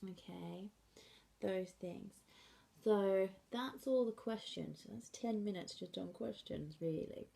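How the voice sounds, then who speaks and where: A woman teaching a sign language class in a slow, patient way, often checking in with "okay". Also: medium pitch, vocal fry, mellow. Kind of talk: classroom lesson.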